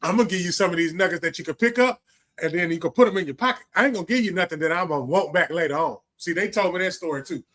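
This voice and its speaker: A man's voice: high voice, racing, fairly bright tone. A man, hosting a livestream and giving a casual, preachy monologue full of slang, profanity and repetition. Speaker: livestream host.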